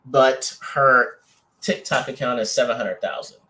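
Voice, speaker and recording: Speaking at an ordinary middle pitch, a little slowly and with a sharp tone, this male co-host of a casual couples podcast rambles through restarts and fillers. He playfully teases his partner.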